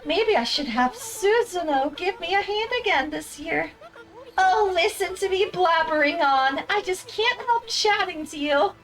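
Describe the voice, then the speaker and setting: A chatty high village girl. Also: lively intonation, unhurried, fairly bright tone, heavily acted, low-quality recording. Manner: chatty and friendly, rambles on. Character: cheerful young woman sake brewer in a village. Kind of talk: reading game dialogue aloud in voices.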